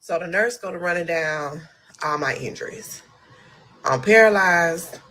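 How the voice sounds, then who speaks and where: A young woman with a somewhat low voice tells her own story straight to the camera. She speaks candidly and acts out the lines she once said. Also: unhurried. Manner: candid, animated storytelling with vivid retelling. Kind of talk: storytime monologue.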